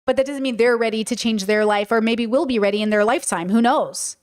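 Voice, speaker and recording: A quick-paced woman with a voice on the high side answers questions from the chat during her podcast. Her tone is casual and straightforward, the stuff of a relaxed livestream, and she checks in with listeners throughout.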